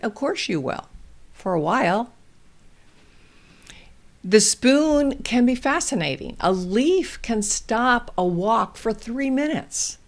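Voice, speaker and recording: A woman hosting a parenting show, giving calm, deliberate instructional advice to parents. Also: a little high, vocal fry. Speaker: parenting host.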